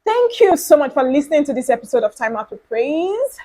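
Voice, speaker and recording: A woman with a high-sitting, very animated voice and a dark tone talks briskly on her own podcast, in a low-quality recording. Her solo talk is casual and earnest, and she repeats points for emphasis.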